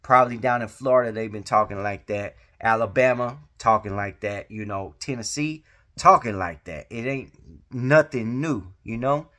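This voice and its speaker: A man's voice: lowish voice, moderate pace, sharp tone. A man hosting a casual commentary vlog, talking in laid-back street slang with many fillers. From Georgia. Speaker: vlog host giving commentary.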